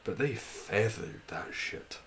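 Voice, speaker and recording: A man's voice: on the low side, lively intonation, takes it slowly, fairly bright tone, a little hiss or hum, rough recording. A man streaming a game, chatting casually and answering his chat, laughing often.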